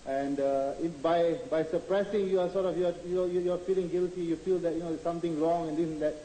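A man in the audience of a lecture, asking his question haltingly with many fillers. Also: a little high, fairly even intonation, mellow. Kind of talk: question from the floor. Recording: echoey hall with faint hiss, archive tape.

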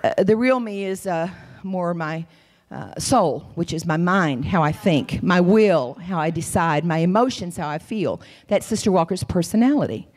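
A woman in her fifties giving a folksy, animated sermon as a guest church speaker, calling listeners honey. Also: fairly low pitch, moderate pace, few pauses, in a large hall. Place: church sanctuary.

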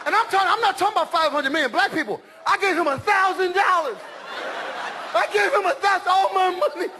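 A middle-aged man doing stand-up comedy on a large stage, loud and animated, shouting his punchlines. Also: extremely high pitch, brisk. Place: large comedy stage before a live audience. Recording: live show with crowd laughter and noise.

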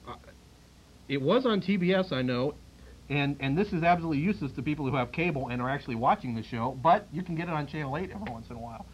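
A man's voice: on the high side, animated, quick pace. A man hosting a public access cable show, jokey and laughing, with stumbling restarts. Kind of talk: casual chat and mock announcing. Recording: lo-fi 1990s cable tape with faint hiss.

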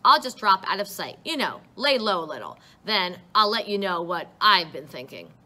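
A woman's voice: fairly low pitch, expressive, moderate pace, bright, forceful tone. A woman voicing a frustrated, mouthy fifteen-year-old boy who talks back to his parents. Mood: shouting angrily. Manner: sarcastic, exasperated, talks back.

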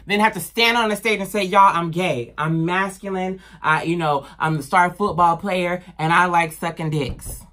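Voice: medium pitch, fairly bright tone. Heated, profane vlogger ranting. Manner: slangy and blunt. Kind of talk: impassioned rant to camera.

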